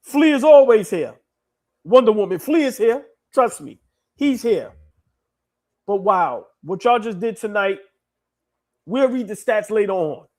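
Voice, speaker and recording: A man's voice: high voice, lively intonation, a little slow, long pauses, darkish tone. A young man co-hosting a live sports stream, sentimental and repeating himself as he thanks viewers. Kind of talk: emotional live stream chat.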